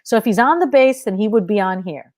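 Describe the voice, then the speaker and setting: A woman's voice: mid-range voice, expressive, a little fast, a little mellow, dry recording, clean studio sound, lightly acted. A woman voicing a stiff young male army private who tries to sound official, in a live story reading. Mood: officious.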